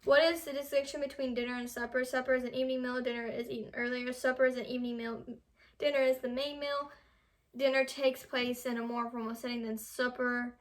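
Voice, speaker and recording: Young american woman, kinda high voice, reading quiz stuff casually, trips on words sometimes. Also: flat delivery, a little fast. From United States. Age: young adult. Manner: reads questions aloud, stumbles over words. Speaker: vlogger.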